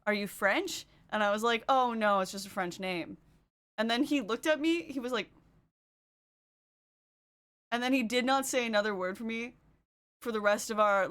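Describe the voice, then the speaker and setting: A woman's voice: on the high side, moderate pace, pauses often, a bit bright. A woman streaming casually while doing her makeup, chatting, laughing often and answering her chat. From Canada. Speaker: livestreamer.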